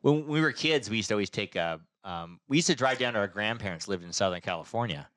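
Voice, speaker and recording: A man's voice: lowish voice, animated, quick pace, fairly bright tone, no room sound, clean studio sound. A man hosting a podcast, telling family stories in casual chat, rambling and laughing often. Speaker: podcast host.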